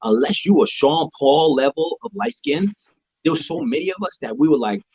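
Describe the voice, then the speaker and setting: Husky man telling stories, lo-fi. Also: fairly high pitch, expressive, moderate pace, darkish tone, no room sound. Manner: conversational storytelling, many "like" fillers. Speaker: podcast co-host. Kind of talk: casual chat. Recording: dull lo-fi sound.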